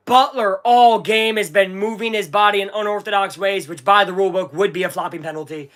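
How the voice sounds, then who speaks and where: A live streamer calling a basketball game as an excitable fan, swinging from low muttering to shouting and swearing. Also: fairly quick, few pauses. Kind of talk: live fan watch-along commentary.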